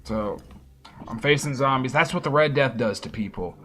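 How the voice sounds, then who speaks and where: Excitable, bright-voiced male game streamer. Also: medium pitch, moderate pace. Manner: excitable, swears freely, reacts out loud. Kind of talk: live gameplay commentary.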